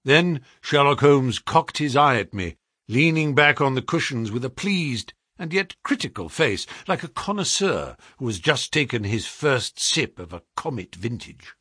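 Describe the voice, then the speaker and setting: A man narrating a story aloud in an expressive, measured way. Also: mid-range voice, slightly rough, no room sound, studio quality. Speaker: audiobook narrator.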